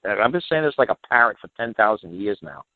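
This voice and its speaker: A man's voice: medium pitch, expressive, fast, creaky, dry recording. A man speaking as the guest expert on a call-in show, lecturing emphatically, repeating himself and sounding exasperated. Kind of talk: heated call-in talk. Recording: dry, tinny phone line.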